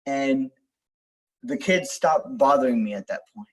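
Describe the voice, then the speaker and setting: A man's voice: mid-range voice, measured pace, rough recording. A young man telling a personal story in casual, rambling talk, full of fillers, restarts and swearing, as host of a self-help video.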